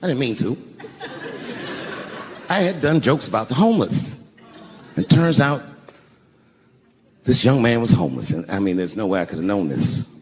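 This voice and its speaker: A man performing a stand-up comedy set, telling a story in an animated way with loud punchlines. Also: mid-range voice, moderate pace, pauses often. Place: large theater with audience. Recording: live venue with long reverb and audience noise.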